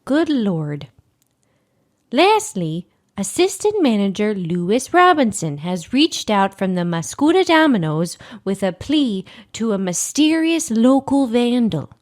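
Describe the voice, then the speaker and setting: A woman plays a flustered small-town TV host reading community announcements. She talks slowly with a lively, swooping voice and keeps tripping over names. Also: fairly high pitch. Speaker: public access TV host.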